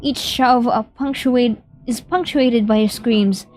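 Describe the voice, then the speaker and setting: A woman's voice: fairly high pitch, slow, a little mellow, no echo, faint music behind, rough recording. A young woman streamer reading a horror game aloud in vivid, dramatic narration. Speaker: gaming streamer.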